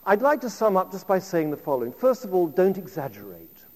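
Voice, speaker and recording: A man in his fifties delivering a public lecture, his fairly high voice ringing out with a long reverb through the hall. He spins anecdotes in a chatty, conversational way, with frequent asides to the audience. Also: huge pitch swings, fairly quick, darkish tone.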